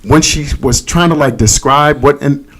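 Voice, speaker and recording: A man's voice: mid-range voice, normal speed, a bit bright, slight background noise. A man, cohosting a casual podcast chat and telling a court story, cursing freely and acting out quotes. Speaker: podcast co-host.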